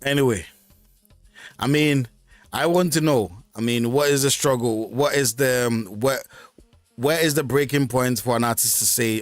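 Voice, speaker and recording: Guy rambling on his live stream, mid-pitched voice, dry close mic, soft music underneath. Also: moderate pace, no echo. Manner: rambling, many fillers and restarts. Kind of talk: casual solo live stream talk.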